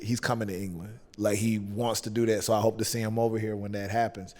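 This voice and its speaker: A man's voice: lowish voice, steady tone, fast talker, hardly any pauses, a little mellow, big-room sound, a little hiss or hum. A man with a Southern US accent, a wrestler guest chatting casually on a podcast in a loose, laid-back way with lots of fillers.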